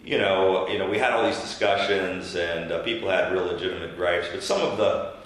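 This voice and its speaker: A man's voice: low voice, a little fast. A man telling a story in a casual interview, acting out what others said. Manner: animated storyteller who acts out quotes. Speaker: former governor being interviewed. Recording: very echoey room.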